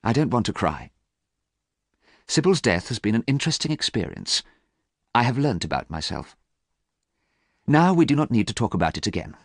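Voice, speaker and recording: A man's voice: mid-range voice, big pitch swings, normal speed, long pauses, husky, dry recording, pitched above the performer's own voice. A man voicing a vain, cold young man who drawls in a haughty, raised voice, recorded close and dry. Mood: bored.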